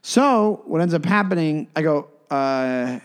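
A man's voice: a little high, measured pace, clean tone. A man co-hosting a podcast, telling a story in casual chat and acting out the quoted lines. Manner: animated, acts out quoted dialogue. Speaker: podcast co-host.

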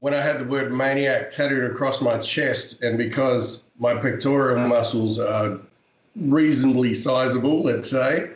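A man's voice: medium pitch, unhurried. A man in casual podcast chat, telling a story bluntly with swearing and dramatic flair. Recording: roomy echo.

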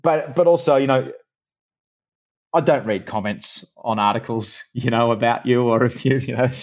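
A middle-aged man with an Australian accent, a guest in a casual interview, telling stories in a chatty, animated way with many restarts. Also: mid-range voice, moderate pace, highs cut off. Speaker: guest, actor and presenter.

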